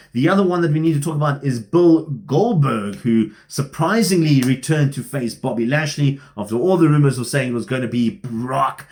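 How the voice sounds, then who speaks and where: A man hosting a casual wrestling rumour vlog, talking in a chatty, lively way with frequent filler "uh"s. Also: mid-range voice. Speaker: wrestling news host.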